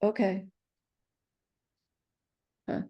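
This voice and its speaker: A woman's voice: drawn-out words, highs cut off. A woman hosting an online class over a video call, encouraging others and moving the session along. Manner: encouraging, with steady backchannel. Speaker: class host.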